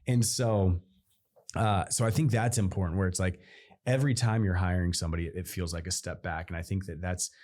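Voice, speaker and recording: A man co-hosting a casual business podcast, his voice low and mellow. He rambles a little, trips over his own words and doubles back mid-thought. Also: steady tone, fairly quick. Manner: rambling, self-interrupting, playful. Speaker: podcast co-host.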